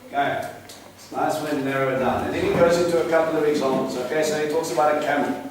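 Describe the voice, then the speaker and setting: A man giving an earnest, animated bible teaching to a congregation and asking them questions. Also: fairly high pitch, quick pace. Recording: echoey room from a distant mic, noisy.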